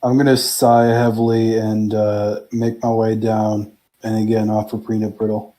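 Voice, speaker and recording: A man's voice: lowish voice, flat delivery, unhurried, warm tone. A man playing a tabletop game, talking in a casual, blunt way with fillers. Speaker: player.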